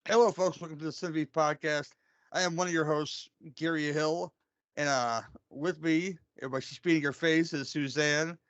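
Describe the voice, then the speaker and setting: A man's voice: a little high, steady tone, moderate pace, fairly bright tone, no echo. A man hosting a movie podcast, joking around and stumbling over his words. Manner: joking, stammering. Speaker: podcast host. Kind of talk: casual chat. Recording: slightly dull, dry sound.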